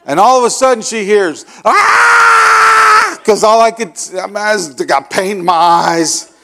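Animated storytelling preacher man. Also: high voice, normal speed, gravelly, a little hiss or hum. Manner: animated, acts out voices with loud shouts. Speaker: pastor. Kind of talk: storytelling sermon.

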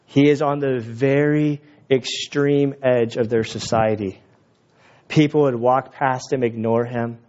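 A man preaching as a pastor, conversational and animated, with quick asides. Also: mid-range voice. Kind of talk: sermon. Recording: dull lo-fi recording.

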